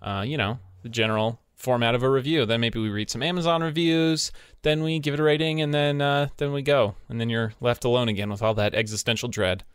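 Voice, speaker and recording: A man's voice: medium pitch, steady tone, a little fast, hardly any pauses, smooth, dry recording. A man hosting a casual podcast, chatting in a joking, dry way with filler words. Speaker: podcast host.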